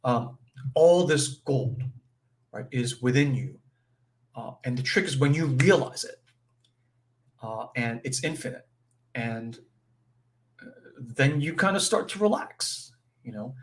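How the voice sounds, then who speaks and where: Man, spiritual teacher, informal talk with plenty of fillers and quick check-ins. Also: medium pitch, lively intonation. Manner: conversational, full of fillers and "right?" check-ins; acts out brief quoted voices with chuckles. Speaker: spiritual teacher leading a session.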